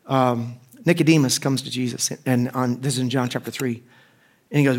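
A man's voice: mid-range voice, moderate pace. A middle-aged man preaching a casual sermon as pastor, conversational and joking, acting out the voices of the people in his stories.

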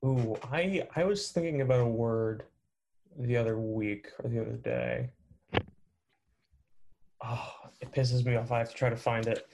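A man's voice: medium pitch, measured pace, creaky, pauses often, background noise. A young man co-hosting a podcast, chatting in a wordy, good-humored way. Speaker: podcast co-host. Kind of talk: casual chat.

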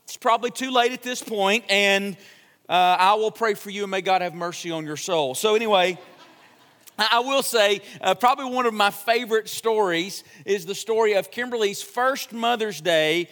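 A man's voice: sits high, normal speed, a bit bright. A young man preaching a sermon in a church, a chatty storyteller who jokes with the congregation. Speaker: pastor. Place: church sanctuary. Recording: long church hall reverb.

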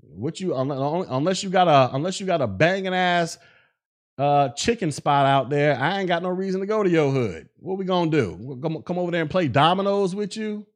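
Blunt, mocking podcast host with a higher voice. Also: male voice, lively intonation, fairly quick. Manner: blunt, mocking, laughs at his own jokes. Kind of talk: casual commentary.

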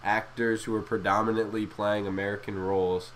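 A man's voice: on the low side, little pitch movement, a little fast, a bit bright, a little hiss or hum. A man hosting a casual podcast, joking and egging others on, often laughing. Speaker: podcast host.

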